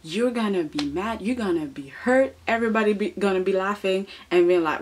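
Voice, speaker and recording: A woman giving sassy, animated commentary as she reviews a soap opera, often tossing in a rhetorical "okay?" and laughing. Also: medium pitch, fairly quick, hardly any pauses. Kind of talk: casual commentary.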